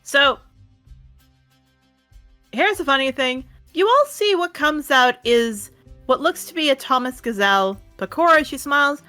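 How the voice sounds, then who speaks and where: Woman game master, high voice, bright tone, faint music behind. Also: moderate pace. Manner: animated, laughing storyteller. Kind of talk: narrating a tabletop game with character voices.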